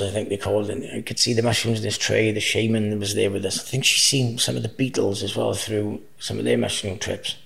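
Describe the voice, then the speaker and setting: A man's voice: lowish voice, vocal fry. A man as an interview guest, telling crude travel anecdotes with frequent laughter. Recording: echoey room.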